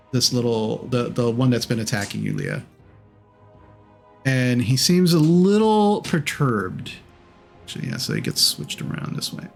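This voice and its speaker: A gravelly, medium-pitched male voice guides a tabletop game as its game master. He narrates slowly and loosely, filling gaps with ums and frequently correcting himself.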